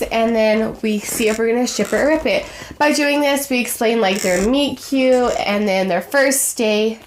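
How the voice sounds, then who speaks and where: A woman's voice: a little high, slight background noise. A young woman hosting a fandom video, chatting playfully and telling a made-up story, quoting characters in her own voice. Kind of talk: casual storytelling to camera.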